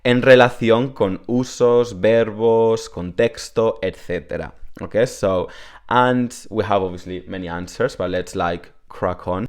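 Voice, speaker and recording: A man's voice: on the low side, steady tone, a little slow, clean tone. A man whose first language is Spanish, chatting casually through an online Spanish lesson, full of "like" fillers, at home. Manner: chatty, many "like" fillers, talks to his dog. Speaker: language teacher.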